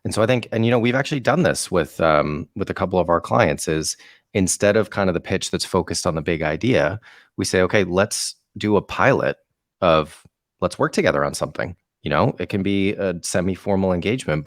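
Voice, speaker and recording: A man co-hosting a podcast in casual chat, talking in long, animated run-on thoughts. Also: deep voice, no room sound, clean studio sound. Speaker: podcast co-host. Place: festival on the French Riviera.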